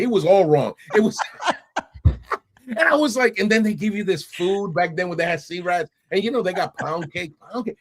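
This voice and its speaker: A middle-aged man from New York, a podcast guest telling his stories in casual, animated talk, often laughing and acting out voices. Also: sits high, moderate pace. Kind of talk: casual interview storytelling.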